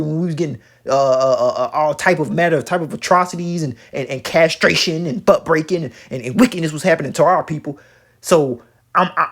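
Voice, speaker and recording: A man with a somewhat high, husky voice comments on a video he is watching. He preaches in an emphatic, repetitive way, full of profanity, and often stammers through restarts before landing his point. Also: brisk. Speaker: religious commentator reacting to a video.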